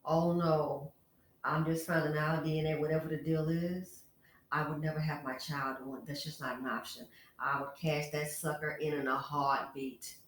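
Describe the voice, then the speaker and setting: A woman hosts a casual commentary vlog in a fairly low voice. She talks frankly and chattily, speaking straight to the women watching. Her voice rings in a roomy, echoey space. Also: flat delivery, moderate pace, slight background noise. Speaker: channel host. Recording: echoey room.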